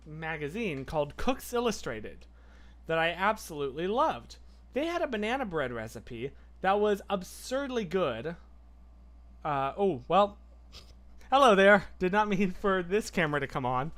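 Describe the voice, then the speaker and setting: A man hosting a casual livestream, chatting and answering viewer comments in an excitable, rambling way. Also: on the high side. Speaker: livestream host.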